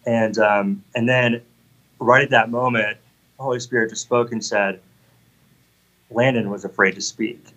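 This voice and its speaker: A man's voice: mid-range voice, fairly even intonation, unhurried, pauses often, a bit bright, lo-fi sound. A man in his thirties telling an earnest, heartfelt personal faith testimony in conversation. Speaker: guest sharing a testimony.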